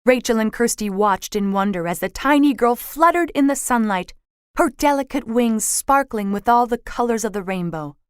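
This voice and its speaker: A woman reading a children's storybook aloud, slow and expressive. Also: a little high, clear, resonant tone, dry recording, studio quality.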